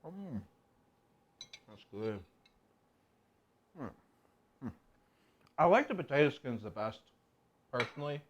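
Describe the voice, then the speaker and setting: A man's voice: medium pitch, big pitch swings, slow pace, long pauses, muffled recording, a little hiss or hum. Man, cooking streamer, casual rambling chatter, talks to himself, mid-range voice, home kitchen.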